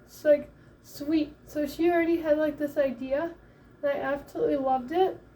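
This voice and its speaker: A young woman from Michigan, a first-time mom, casually telling a story in a chatty, animated way, acting out the voices of the people in it. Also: high voice, moderate pace, recorded from a distance, slight background noise. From Michigan, USA. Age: young adult. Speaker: vlogger. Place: home, late at night.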